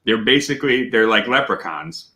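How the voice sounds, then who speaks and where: A man hosting a casual whiskey tasting livestream, talking loudly, greeting viewers and laughing often. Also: on the low side, normal speed. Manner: loud and animated, laughs often. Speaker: host of a whiskey tasting stream.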